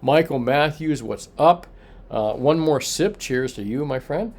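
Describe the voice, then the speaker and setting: Animated and unhurried, a mid-range voice with a darkish tone belongs to a Florida coin shop owner running a laid-back evening price livestream, rambling with filler and answering comments from viewers.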